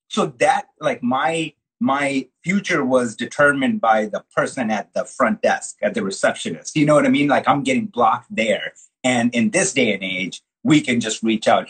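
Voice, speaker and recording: Guy hosting a chill interview, super husky raspy voice, hypes everything up, says dude a lot. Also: mid-range voice, moderate pace, low-quality recording. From from the US Midwest. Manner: animated, slangy, calls people dude. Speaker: host, colorist. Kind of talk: casual interview chat.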